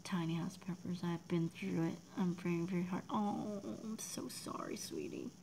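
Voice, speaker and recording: A woman, chatting casually on a livestream, emotional and soft, often dropping to a near whisper as she thanks viewers in chat. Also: fairly low pitch, big pitch swings, moderate pace, creaky, slight background noise, rough recording. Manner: emotional, talks softly, drops to near whispers. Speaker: livestream host.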